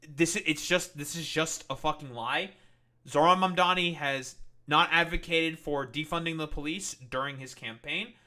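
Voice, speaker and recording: A man's voice: a little high, moderate pace, sharp tone. A young man doing live-stream commentary, ranting in an exasperated, profane way with mocking, sarcastic asides.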